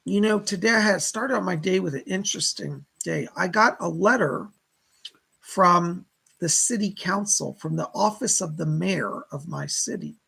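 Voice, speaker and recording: A middle-aged man hosts a live psychic stream and chats to his viewers. His voice is heavily gravelly and rough, with a husky edge. He gushes and exclaims all the way through. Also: high-pitched, normal speed, pushed and bright, low-quality recording. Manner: gushing, chatty, full of exclamations. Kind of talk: casual live-stream chat.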